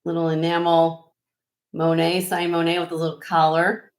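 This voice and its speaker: Her delivery is completely flat, at normal speed, and her pitch fairly low. Even so, this Midwestern woman hosting a live-stream vintage jewelry sale is chatty and effusive, showing off piece after piece. The recording is rough.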